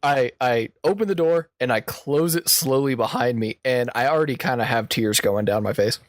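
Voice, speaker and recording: A man's voice: medium pitch, moderate pace, no echo. A man co-hosting a podcast, telling a work story in casual chat and laughing often as he goes. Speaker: podcast co-host.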